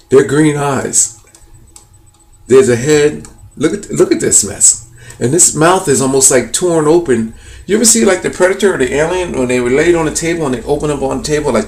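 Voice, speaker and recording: A man excitedly pointing out hidden faces in pictures to his viewers, rambling with many fillers and repeats. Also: mid-range voice, normal speed. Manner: addresses viewers as "people". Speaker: video host. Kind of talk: excited conspiracy commentary over images.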